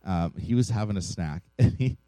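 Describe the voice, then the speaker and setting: A pastor in his thirties preaches in a relaxed, conversational way, often checking in with his listeners with a quick "right?". His voice sits low and mellow but swings widely in pitch. The sound is dry and close. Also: no echo. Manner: informal, self-deprecating, frequent "right?" asides. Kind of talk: conversational sermon with personal stories.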